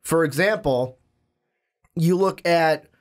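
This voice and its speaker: A man's voice: fairly high pitch, takes it slowly. A young man co-hosting a casual podcast, talking at length with many restarts before landing on pointed questions. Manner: rambling, restarts and fillers, builds up to pointed questions. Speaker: podcast co-host. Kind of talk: casual movie chat.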